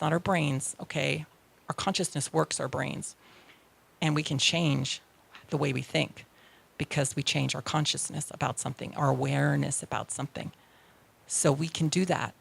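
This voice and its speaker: A woman's voice: sits low, vocal fry, slightly rough. A woman minister giving a chatty, self-deprecating sermon, often checking in with the congregation. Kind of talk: conversational sermon.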